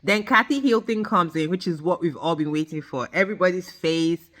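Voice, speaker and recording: A woman reviewer delivers a ranting reality show recap in a lowish voice at a brisk pace. She is emphatic, blunt and animated, swearing freely and speaking straight to her viewers.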